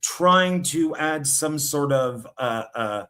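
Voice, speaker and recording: Man, interviewer, casual chat, laughs often, rambling questions, somewhat high pitch. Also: animated, takes it slowly, pushed and bright.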